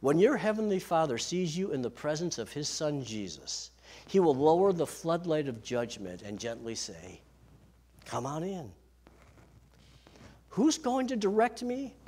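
A man preaching a sermon, lively and slowing down on key phrases. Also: fairly high pitch. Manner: lively preaching, slows for emphasis. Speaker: pastor.

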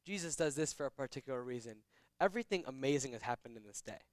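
A man reading scripture verses aloud and explaining them in a relaxed, conversational teaching style. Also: medium pitch, dry recording. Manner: reads verses slowly then explains in casual, conversational asides. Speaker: Bible teacher.

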